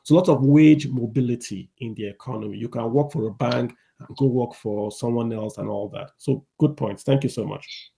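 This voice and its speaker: A man hosting a live audio discussion, relaxed as he calls on speakers one by one. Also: medium pitch, moderate pace, creaky, a little hiss or hum. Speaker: host.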